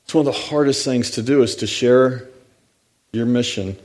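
A man's voice: mid-range voice, moderate pace, darkish tone. A middle-aged man preaching a sermon as a pastor, telling stories in a conversational way and reading scripture aloud.

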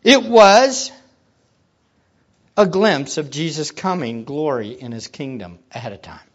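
A preacher giving a sermon, swinging from hushed low teaching to loud excited exclamations and putting questions to the listeners. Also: measured pace, lo-fi sound. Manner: asks the audience questions.

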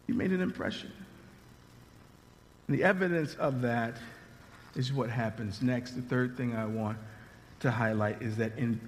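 A male pastor preaching a sermon in a conversational, animated way, often restarting his sentences, recorded with long reverb in a large hall. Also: medium pitch, a little slow.

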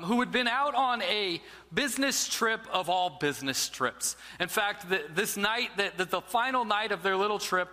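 A man's voice: high voice, bright, forceful tone, long reverb tail. A man who is a pastor preaching a sermon, telling a story with dramatic drops to a near-whisper.

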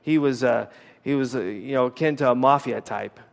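A man's voice: mid-range voice, moderate pace, vocal fry. An American man, a former missionary, preaching a sermon with a personal story, talking casually with many fillers and restarts. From United States. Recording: long reverb of a hall.

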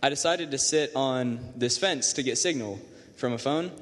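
A man's voice: mid-range voice, moderate pace, a bit bright, in a large hall. A teenage boy casually and self-mockingly telling a group a story. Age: teens.

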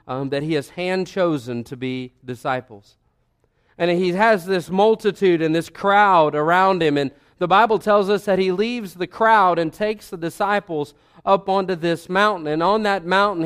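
A man preaching a sermon, emphatic, swinging between loud declarations and hushed, intimate passages. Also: sits high, clean tone. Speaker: pastor.

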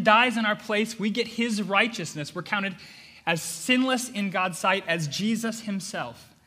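A man delivers a sermon with earnest, emphatic conviction, circling back on phrases to drive them home. His voice sits high and sounds bright and ringing. The words trail off into the long reverb of a large church hall. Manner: earnest, emphatic preaching with repetitions. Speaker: pastor.

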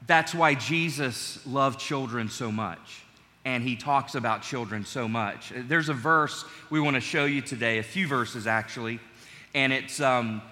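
Bright-voiced pastor in a reverberant hall. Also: male voice, medium pitch. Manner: warm, conversational, joking with congregation. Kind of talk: sermon. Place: large church sanctuary. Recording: long church hall reverb.

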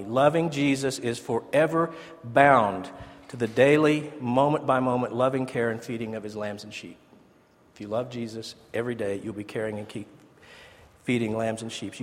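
A man's voice: medium pitch, fairly even intonation, moderate pace. A man giving a conversational, earnest ordination sermon as pastor in a church. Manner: conversational, earnest, with asides and restarts. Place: church sanctuary. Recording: church sanctuary with long reverb.

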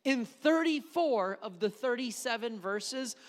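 Pastor, male, high voice; emphatic sermon delivery with repeated key words, long hall reverb. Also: lively intonation, a little slow. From Wisconsin.

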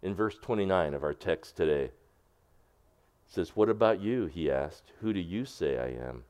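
A male pastor, preaching a sermon that swings between hushed and emphatic passages. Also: low voice, expressive, moderate pace, smooth.

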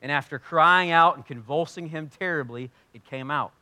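Animated preaching man, bright voice. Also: a little high, normal speed, no room sound. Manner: animated preaching, swinging from loud emphasis to quiet. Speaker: pastor. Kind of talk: sermon.

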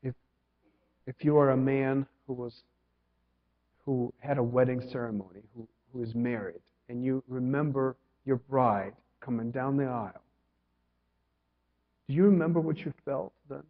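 A man from Ukraine preaching a sermon, asking questions and swinging from loud to hushed. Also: medium pitch, moderate pace, pauses often. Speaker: pastor. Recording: dull sound with long hall reverb.

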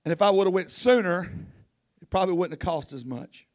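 High-pitched preacher man, folksy storytelling, gets loud then goes quiet. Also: animated, a little fast. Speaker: pastor. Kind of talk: sermon.

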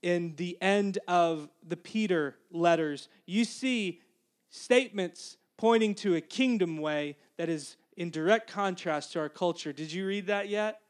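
A man delivering a sermon in a high, lively voice. He preaches conversationally, tossing in jokes and asking the congregation "Amen?" to keep them with him. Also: measured pace, smooth. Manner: conversational, calls for "Amen?" responses; joking asides to the congregation. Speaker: pastor.

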